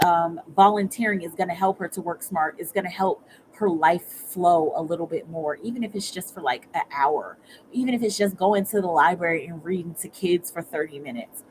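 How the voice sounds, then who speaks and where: A woman giving a casual livestream tarot reading. She talks in a chatty, halting way, repeating words and often checking in with viewers by asking "okay?". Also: on the low side, a little mellow, a little hiss or hum, low-quality recording. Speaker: tarot reader.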